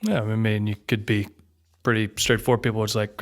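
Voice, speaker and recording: A man co-hosting a conversational business talk, agreeable and quick with short affirmations. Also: on the low side, flat delivery.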